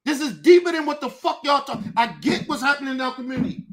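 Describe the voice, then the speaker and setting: A woman hosting a livestream, ranting angrily in a profane voice that often breaks into shouting. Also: high voice, expressive, quick pace. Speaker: streamer, show host. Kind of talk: livestream rant.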